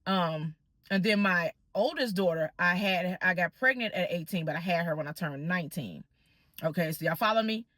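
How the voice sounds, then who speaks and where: A woman telling a personal story to her viewers in a casual, animated way, acting out the people she quotes. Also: fairly low pitch, normal speed, no echo. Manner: animated, addresses viewers as y'all, acts out quoted voices. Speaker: vlogger.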